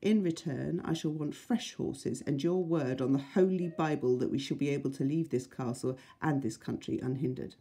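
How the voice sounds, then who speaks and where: A bold, commanding young outlaw chief, as a woman reading aloud puts him on, declaiming his demands in a soft, breathy, mellow voice. He sounds firm and sure of himself, like a storybook hero. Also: sits low, normal speed, few pauses. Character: bold young male outlaw leader, confident.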